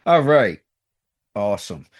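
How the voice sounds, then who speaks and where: Low, slow-talking showman host. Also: big pitch swings. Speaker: podcast host. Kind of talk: casual podcast interview.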